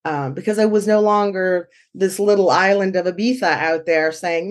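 A woman guest, a dog trainer, telling her story in an animated way and acting out quoted dialogue. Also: fairly low pitch, normal speed, few pauses. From San Francisco Bay Area. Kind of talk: conversational storytelling.

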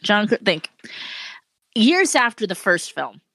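Woman co-host, lively teasing delivery, dry close sound. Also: medium pitch, slow pace, slightly rough, dry recording. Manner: teasing, animated, swears freely. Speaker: podcast co-host. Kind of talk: casual chat.

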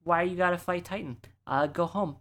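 A woman's voice: fairly low pitch, normal speed, fairly bright tone, pitched above the performer's own voice. A woman voicing a dismissive, grumpy male swamp warrior who brushes the heroes off. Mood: scornful. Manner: scornful, brushing off.

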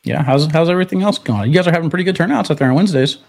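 A man's voice: fairly high pitch, very fast, creaky, darkish tone. A man co-hosting a casual podcast on a video call, chatty and laughing now and then as he hypes things up. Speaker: podcast co-host. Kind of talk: casual chat. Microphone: remote video call.

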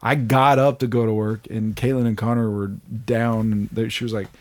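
A man, chatting on a podcast as host, telling animated stories, swearing freely and laughing often. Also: lowish voice, moderate pace. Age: 30s. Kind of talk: casual chat.

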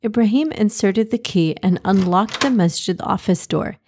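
A woman narrating a children's storybook in a gentle, expressive reading manner. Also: medium pitch, normal speed, slight background noise.

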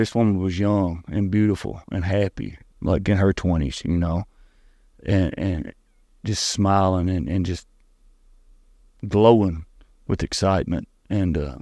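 A middle-aged man with a Tennessee Southern accent, telling his story as an interview guest in an earnest, halting way, often restarting and repeating words. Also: on the low side, mellow, dry recording.

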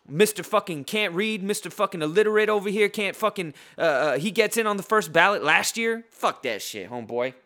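A man hosting a podcast, tipsy and trash-talking through a profane sports rant. His voice is bright and forceful and sits a little high, and he stumbles into restarts as he goes. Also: expressive, a little fast, hardly any pauses. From San Diego. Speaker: podcast host.

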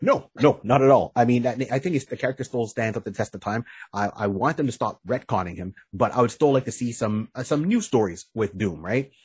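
A man's voice: mid-range voice, animated, a little fast, few pauses, a little mellow, slightly rough, dry recording. A man co-hosting a podcast in casual chat, animatedly retelling stories and acting out characters' lines. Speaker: podcast co-host.

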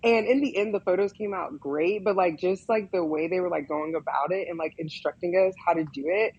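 A woman's voice: lowish voice, a little fast, a little mellow, slightly rough, dull audio. A young woman telling a story in a casual interview, saying "like" constantly and laughing often. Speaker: guest, nude model.

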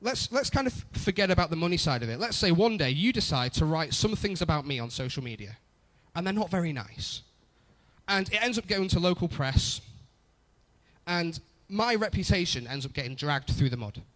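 A man's voice: on the high side, very animated, moderate pace, fairly bright tone. A young adult man preaching a conversational sermon, often repeating phrases for emphasis. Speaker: pastor.

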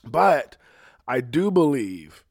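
A man's voice: medium pitch, very animated, takes it slowly, vocal fry, darkish tone, dry recording, clean studio sound. An American man talking in a rambling, profane, casual way, often laughing. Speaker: podcast host. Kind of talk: casual chat.

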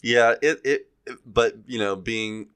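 Laughing man in his forties, bright voice. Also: mid-range voice, a little slow, clear, resonant tone. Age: 40s. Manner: laughs often, self-deprecating storytelling. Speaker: podcast co-host. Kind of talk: casual chat.

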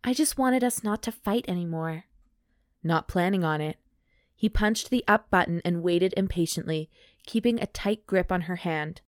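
A woman's voice: on the low side, moderate pace, dry recording, clean studio sound. A woman co-hosting a comedy podcast, reading steamy romance prose aloud between jokes with her co-host. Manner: reads steamy prose aloud with playful commentary. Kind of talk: casual chat and mock-dramatic reading.

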